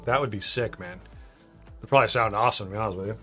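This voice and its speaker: A man from southern Ontario, hosting a casual live stream at home, relaxed and rambling as he reads chat messages aloud between fillers. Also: medium pitch, brisk, faint music behind. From Canada, southern Ontario. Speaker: live-stream host, LEGO builder.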